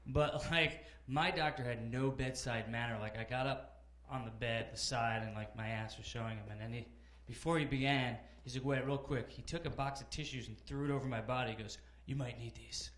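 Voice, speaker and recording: A man in his thirties doing a conversational stand-up set in a comedy club, animated storytelling with acted-out characters. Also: medium pitch, a little fast, few pauses, reverberant. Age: 30s. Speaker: stand-up comic.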